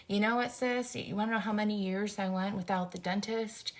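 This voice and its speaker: A woman's voice: medium pitch, fairly even intonation, a little fast, few pauses. A woman in her forties hosting a casual faith talk, speaking in an earnest, rambling, heartfelt way. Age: 40s. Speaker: host.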